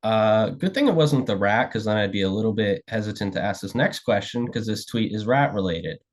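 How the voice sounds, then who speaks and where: A man's voice: fairly low pitch, lively intonation, fairly quick. A man interviewing a guest over a video call, easygoing and hesitant, with many "uh"s and "um"s. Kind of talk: casual interview chat.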